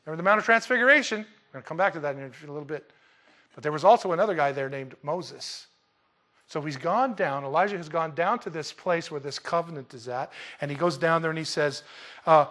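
A man preaching a casual, joking sermon, swinging between loud emphatic lines and quiet asides. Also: a little high, moderate pace. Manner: lively, joking, dramatic swings in loudness. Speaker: pastor.

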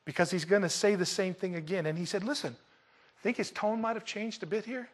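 A man preaching a sermon, swinging from loud emphatic Bible reading to soft hushed asides, with humorous remarks to the congregation. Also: high-pitched, brisk. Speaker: pastor.

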